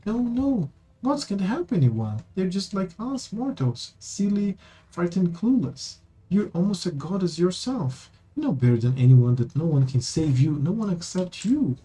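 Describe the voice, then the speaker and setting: A man voicing a squeaky young woman preacher who pleads earnestly while he reads game dialogue aloud. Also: very animated, a little slow, dark tone, husky, full character voice, rough recording. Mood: pleading.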